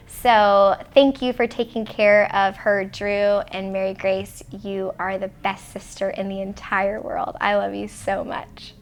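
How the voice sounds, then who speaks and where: A woman's voice: mid-range voice, fairly bright tone. A woman, the bride's sister, giving a gushing, emotional wedding video message.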